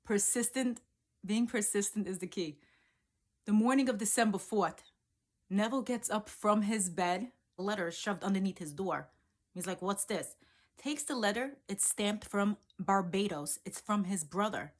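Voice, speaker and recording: Woman vlogger, chatty and animated, retelling a story casually. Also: mid-range voice, moderate pace. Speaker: law of assumption coach.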